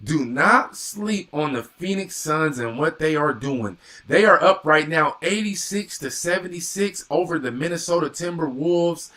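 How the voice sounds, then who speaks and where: A young man doing live play-by-play and reaction on a stream, reading viewer comments and bursting into excited exclamations. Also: a little high, measured pace, few pauses.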